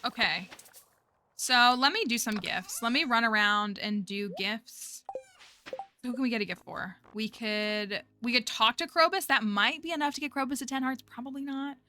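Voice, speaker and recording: Bright-voiced chatty woman streamer. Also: on the high side, moderate pace, slight background noise. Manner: chatty, thinks aloud and talks to her chat. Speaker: livestreamer. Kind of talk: casual gameplay commentary.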